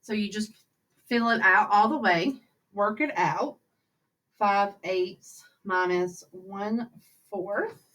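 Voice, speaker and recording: A woman's voice: mid-range voice, fairly even intonation, takes it slowly, a bit bright. Chatty woman teacher walking through math. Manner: chatty, upbeat, talks to kids while working problems aloud. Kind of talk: recorded math lesson over slides.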